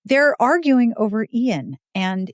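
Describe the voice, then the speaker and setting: A woman's voice: a little high, lively intonation, slow pace, no echo. A woman co-hosting a podcast, chatting casually as she recaps a romance novel and acts out the characters' lines with shifting voices. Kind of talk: casual chat.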